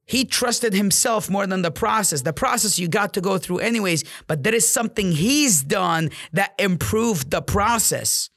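A man's voice: high-pitched, moderate pace, hardly any pauses, fairly bright tone, no room sound, clean studio sound. A man in real estate giving an intense, profane motivational monologue, repeating himself for emphasis.

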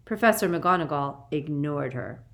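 A woman narrating an audiobook in a measured, expressive storytelling manner. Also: low-pitched, creaky.

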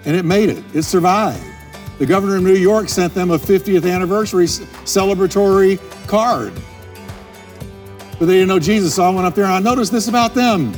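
A man's voice: high voice, a little fast. A middle-aged man preaching a sermon as a pastor, driving his points home by repeating key phrases. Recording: long reverb with soft music.

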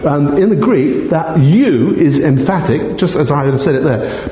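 Emphatic preacher in an echoey hall. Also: male voice, a little high, animated, unhurried, few pauses, dark tone, faint music behind. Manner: emphatic, teacherly, poses rhetorical questions. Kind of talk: expository sermon. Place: church meeting hall. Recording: echoey hall, long reverb.

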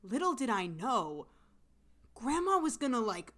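A woman co-hosting a casual show recap podcast, animated and rambling, laughing often and full of fillers. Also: on the high side, measured pace. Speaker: podcast co-host.

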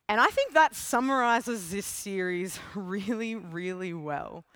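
Young female preacher, casual storyteller, mid pitch, dry close mic. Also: dry recording. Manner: casual, animated storytelling with asides. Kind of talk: sermon with storytelling.

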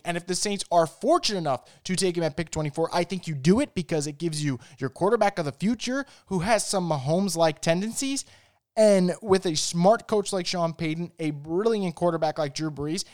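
A man's voice: high voice, fairly quick, darkish tone. A man hosting a sports talk show, giving emphatic analysis and asking his listeners rhetorical questions. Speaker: sports podcast host.

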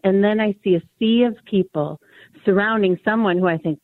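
A woman co-hosting a radio show, chatting in a warm, laughing, conversational way. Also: mid-range voice, normal speed, no room sound, phone-quality sound. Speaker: radio co-host. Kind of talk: casual chat.

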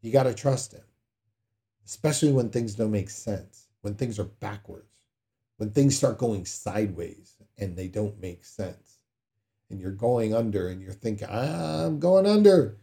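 A man's voice: lowish voice, steady tone, measured pace, dark tone. A man preaching a sermon in a conversational way, acting out prayers with sudden dramatic outbursts. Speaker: pastor.

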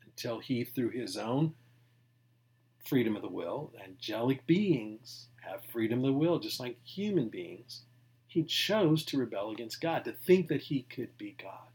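A man's voice: mid-range voice, lively intonation, measured pace. A man, a pastor, preaching a sermon in a conversational way, stressing key words and dropping to near-whispered asides. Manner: emphatic, swinging from loud to near-whispered asides; conversational, with restarts and small laughs.

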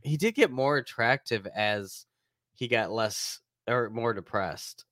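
A man's voice: medium pitch, slow pace, no echo, studio quality. A man co-hosting a podcast, casually recapping a movie plot with jokes. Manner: recaps the plot, relaxed and joking. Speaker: podcast co-host.

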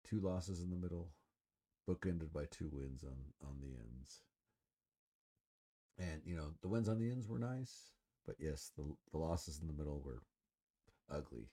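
Very deep, dark-voiced man rambling casually. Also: a little slow. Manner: rambling, full of fillers and swearing; relaxed, smoking while talking. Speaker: podcast host. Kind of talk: casual solo sports talk.

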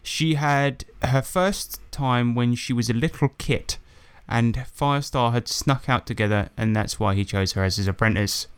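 A man's voice: medium pitch, normal speed, clear, resonant tone. A man co-hosting a podcast, reading bad fan fiction aloud with sarcastic, exasperated asides and swearing. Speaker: podcast co-host.

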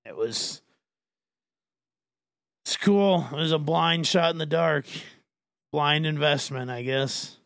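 A man hosting a podcast, chatting casually in a rambling, halting way with many fillers. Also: fairly high pitch, vocal fry, fairly bright tone, dry recording. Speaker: podcast host. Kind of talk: casual chat.

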